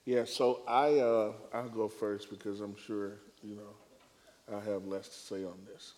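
A male preacher speaking in a panel discussion on preaching, with a measured, emphatic, deliberate way of phrasing. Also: fairly low pitch, little pitch movement, darkish tone, big-room sound.

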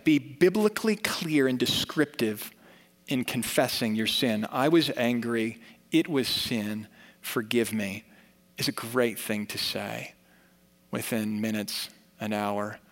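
A man's voice: medium pitch, a little slow, creaky. A man preaching a sermon as pastor, earnest and conversational, building to emphatic points. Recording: long reverb of a church hall.

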